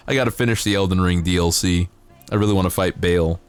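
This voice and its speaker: A young man streaming a game chats casually in a low, fast voice with a clean tone, while soft music plays in the background. His talk is a string of rambling, profane, self-mocking rants.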